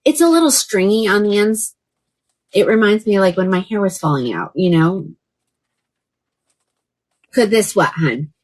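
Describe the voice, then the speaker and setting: Woman from oklahoma doing a live shopping stream, gushy and chatty, talks to viewers by name, middle pitch. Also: expressive, normal speed, pauses often. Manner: chatty and gushing, often exclaiming and talking to viewers by name. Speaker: live shopping host selling wigs. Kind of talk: casual live-stream sales chat. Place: indoors by a fan.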